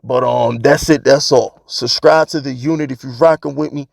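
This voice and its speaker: A man's voice: medium pitch, steady tone, moderate pace, creaky, no room sound, clean studio sound. Emphatic ranting sports fan man. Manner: emphatic, ranting, slangy, repeats himself. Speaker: sports video host. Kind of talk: casual fan rant to camera.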